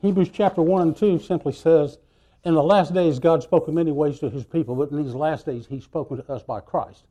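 Male preacher, mellow and slightly high voice, animated storytelling sermon with sudden loud and soft turns. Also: brisk.

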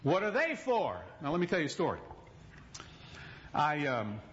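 A man's voice: fairly high pitch, wildly swooping pitch, moderate pace, fairly bright tone, lo-fi sound, a little hiss or hum. A male pastor preaching a sermon in a folksy, emphatic storytelling manner, recorded in a church.

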